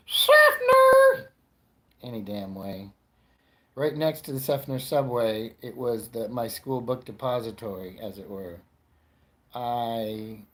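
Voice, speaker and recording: A stand-up comedian from Florida in his forties tells rambling stories in a warm, lowish voice. He repeatedly breaks into his own tales.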